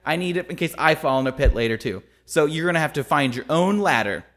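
A man's voice: a little high, expressive, fast talker, fairly bright tone. Man doing selfish ladder guy, firm, won't share. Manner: firm, self-justifying.

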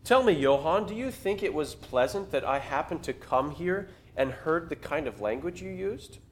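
A preacher reading as a gentle, firm old rector. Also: male voice, a little high, expressive, moderate pace, a little hiss or hum, natural voice. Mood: gently probing. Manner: earnest, questioning, read aloud.

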